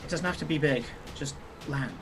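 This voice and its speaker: A man's voice: on the high side, a little fast, faint music behind, pitched below the performer's own voice, close to an everyday voice. A man voicing a bossy, impatient female ship captain who barks curt orders.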